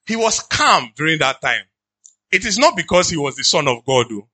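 A pastor with a Nigerian accent preaching in an animated, conversational way, slipping into pidgin asides. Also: male voice, on the high side, normal speed, slightly rough, dry recording. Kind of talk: sermon.

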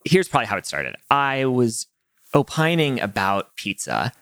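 Chatty man with a lively voice. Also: mid-range voice, normal speed, dry recording, studio quality. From United States. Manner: chatty, self-deprecating, many fillers. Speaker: interview guest. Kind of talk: casual conversational interview.

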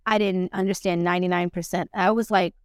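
A woman talks candidly as a podcast guest, blunt and profane as she retells what happened. Her voice is smooth and clear. It is recorded dry on a close mic. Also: on the low side, steady tone, a little fast, no echo. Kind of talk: candid conversational storytelling.

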